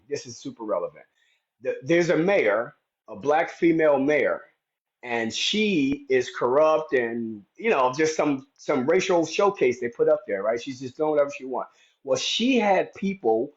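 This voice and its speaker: Brief: man, higher-pitched, rambling heated live-stream talk, muffled phone audio. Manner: rambling, many restarts and fillers; heated, indignant storytelling.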